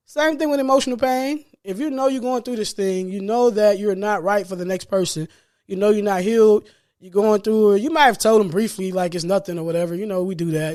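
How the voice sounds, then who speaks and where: A man's voice: high-pitched, a little fast, darkish tone. A man hosting a solo podcast as a life coach, talking earnestly and preachily about healing, repeating key phrases for emphasis and laughing lightly between points. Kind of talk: solo motivational podcast monologue.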